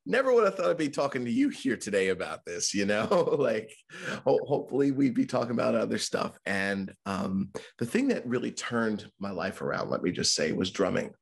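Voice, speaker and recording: A man with a gravelly, husky voice sitting low in his range, talking openly in a podcast interview. He speaks in a candid, conversational way and sometimes slips into quoted voices as he tells his story. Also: very animated, normal speed. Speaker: mental health speaker and author.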